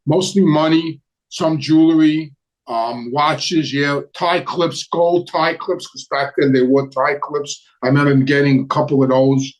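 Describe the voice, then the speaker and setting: A man's voice: fairly high pitch, steady tone, unhurried, low-quality recording. Rambling New man telling stories. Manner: rambling, repeats words, blunt street talk. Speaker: host. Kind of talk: casual live-stream storytelling and Q&A. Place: home with a Christmas tree.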